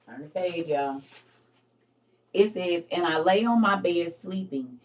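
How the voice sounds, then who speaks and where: A woman's voice: on the low side, slow pace, far from the mic. A woman hosting a live stream, casually reading scripture aloud and talking it over with her viewers, laughing at her own slips.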